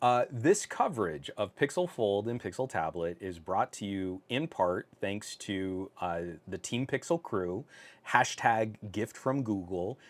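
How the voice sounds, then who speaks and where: A man with a lowish, animated voice speaks at an unhurried pace while hosting a casual tech livestream from his home office. He reads viewer comments, laughs often and fills his chat with lots of fillers, picked up by an on-camera mic.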